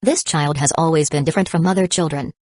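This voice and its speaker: A woman voicing a calm, thoughtful young father in a storybook reading, speaking reflectively. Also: sits low, quick pace, no echo.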